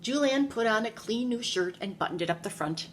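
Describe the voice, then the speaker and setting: A woman's voice: a little high, brisk, a little hiss or hum. A woman, a preschool teacher, reading a picture book aloud to young children in a classroom and asking them questions along the way. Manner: animated storytelling, asks the children questions.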